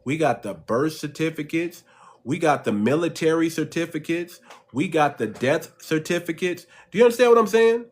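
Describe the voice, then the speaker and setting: A man's voice: on the high side, animated, normal speed. A man hosting a livestream and talking straight to his viewers, calling them family. He is emphatic and preachy, and he hammers his points home by repeating them. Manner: emphatic and repetitive, preaching to the audience; addresses listeners as family. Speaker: channel host. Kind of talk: livestream commentary.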